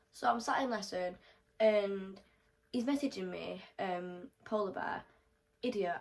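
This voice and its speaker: A young woman telling a storytime vlog, animated and swearing freely as she acts out the quotes. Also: medium pitch, low-quality recording.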